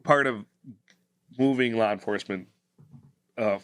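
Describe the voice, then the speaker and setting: Bright-voiced man, halting podcast co-host. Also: on the low side. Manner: halting, with many fillers. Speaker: podcast co-host, police officer. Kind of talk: casual podcast chat.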